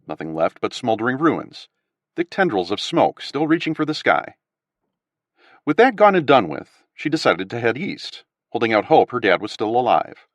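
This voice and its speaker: Guy narrating an audiobook, animated pitch, dry close mic. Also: dry recording. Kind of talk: scripted narration.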